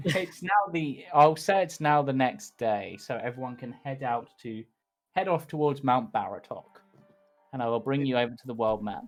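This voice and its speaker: A man's voice: medium pitch, expressive, normal speed, soft background music. A man, the game master, running an online tabletop game in a casual, laughing way.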